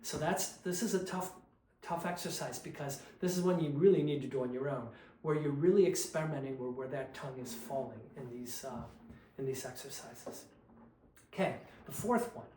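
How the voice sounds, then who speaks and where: A man teaching a choral diction lesson, demonstrating consonant and sung syllable drills in a patient, unhurried way. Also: medium pitch, mellow, reverberant, slight background noise, low-quality recording. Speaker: vocal coach.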